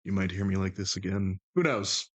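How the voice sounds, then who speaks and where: A male streamer chatting live. He is excitable and teasing, with quick, stammered restarts and frequent laughs. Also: deep voice, breathy edge. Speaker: streamer host.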